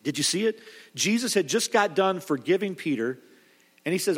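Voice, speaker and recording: A man preaching with a high, lifted voice, telling the story with animated drive and frequent restarts. His words ring out with a long reverb from a large hall. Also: moderate pace, slightly rough. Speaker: pastor. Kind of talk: sermon.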